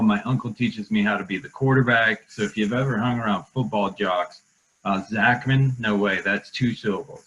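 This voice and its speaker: A man's voice: fairly low pitch, bright, forceful tone, rough recording. A man from Denver, Colorado, a guest on a video call, telling stories in a friendly, easygoing way. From Denver, Colorado, USA. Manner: friendly storyteller, easy laugh. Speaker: guest, nonprofit founder. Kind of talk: casual webinar interview.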